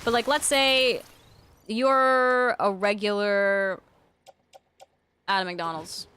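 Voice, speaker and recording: A woman streamer chatting casually while gaming, ranting with lots of swearing and sudden loud outbursts. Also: medium pitch, flat delivery, takes it slowly, smooth. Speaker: game streamer.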